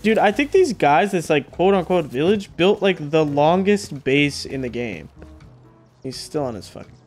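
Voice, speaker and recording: A man chatting casually through a survival game, excitable and swearing, often repeating himself. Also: on the high side, moderate pace, over music. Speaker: gaming video creator. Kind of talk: casual gameplay chat.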